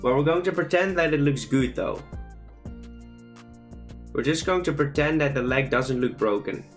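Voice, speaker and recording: Soft background music plays as a young man draws fan creatures on a livestream, joking playfully with his chat and reading it aloud. His voice is a little high, and he speaks at normal speed.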